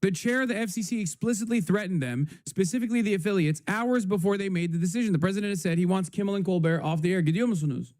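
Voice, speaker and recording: A man's voice: sits high, quick pace, few pauses, a little mellow. A man ranting angrily on a live stream, swearing often and emphatic. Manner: angry, profane, emphatic.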